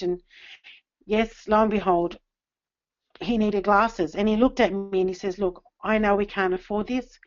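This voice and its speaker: A middle-aged woman telling her personal story to an audience, earnest and emotional, with many pauses and ums. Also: medium pitch, muffled recording. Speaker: business testimonial speaker.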